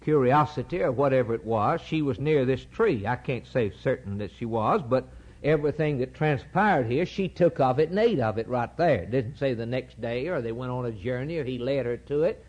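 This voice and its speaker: Animated preacher on lo-fi tape. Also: male voice, mid-range voice, moderate pace. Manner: emphatic, repetitive, rhetorical questions. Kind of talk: sermon, Bible exposition. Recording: dull lo-fi recording.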